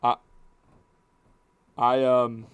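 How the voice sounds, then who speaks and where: A man's voice: medium pitch, monotone, very slow, clean tone, dry recording. A man giving casual commentary over a video game, hesitant and stammering, often repeating words. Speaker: gaming video host.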